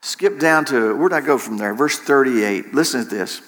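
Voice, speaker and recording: A man's voice: mid-range voice, normal speed, a bit bright. A man preaching a sermon in an impassioned way, repeating phrases for emphasis. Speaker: pastor.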